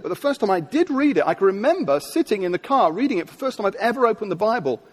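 High-voiced man preaching in a reverberant hall. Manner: storytelling, emphatic with slow dramatic pauses. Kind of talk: sermon.

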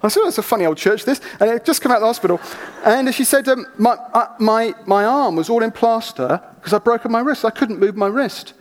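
A man preaching a sermon, telling stories in an animated, chatty way with asides. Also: very high voice, brisk. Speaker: pastor. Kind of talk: sermon with storytelling. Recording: reverberant church hall.

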